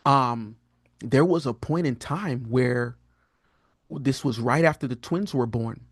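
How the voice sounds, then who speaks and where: A man in his thirties, a guest on a podcast, telling a personal story in a casual, earnest way. He often restarts and fills his speech, and his voice jumps much higher when he quotes himself. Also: slow, husky, no room sound, clean studio sound. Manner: animated, rises sharply in pitch when quoting himself; frequent fillers and restarts, earnest and candid. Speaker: podcast guest, prophetic teacher.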